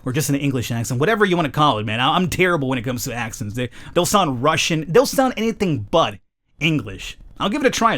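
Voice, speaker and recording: A man's voice: a little high, a bit bright. Joking man reading a game aloud. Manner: joking, self-mocking. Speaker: let's play host. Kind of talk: reading a visual novel aloud with jokey asides.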